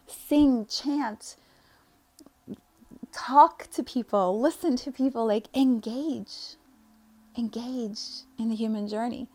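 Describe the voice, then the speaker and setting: Her voice sits on the high side as she gives a heartfelt motivational talk. A young woman working as a spiritual coach, she breaks into laughter frequently and occasionally lowers her voice to a gentle whisper.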